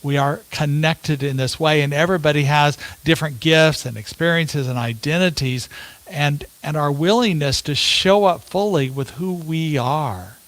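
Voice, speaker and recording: A male minister preaching a sermon in an unhurried storytelling way, with rhetorical questions to his listeners. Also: on the high side, fairly bright tone, dry recording.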